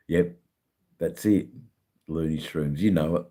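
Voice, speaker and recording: A middle-aged Australian man hosting a casual livestream, chatting with viewers in a halting way, full of ums and repeated words, swearing now and then. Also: extremely low pitch, dark tone. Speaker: livestream host.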